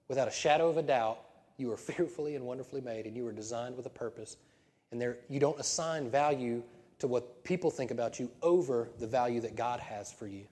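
A man's voice: mid-range voice, dark tone. A man who is a senior pastor, preaching a conversational sermon that builds to emphatic peaks. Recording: long hall reverb.

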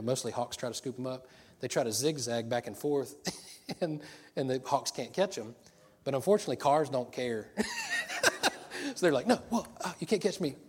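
Joking pastor. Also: male voice, mid-range voice, a little mellow. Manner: chatty and joking, laughs often. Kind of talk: sermon.

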